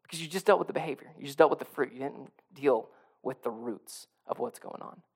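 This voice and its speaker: A man's voice: medium pitch, fairly quick, breathy edge. A male pastor preaching a sermon in a conversational way, often repeating and restarting phrases and building to emphatic peaks.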